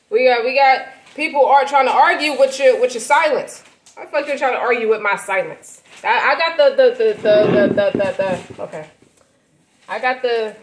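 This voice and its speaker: A woman giving a casual tarot reading to her viewers, brash and profane, swinging from loud hype down to low muttering. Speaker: tarot reader.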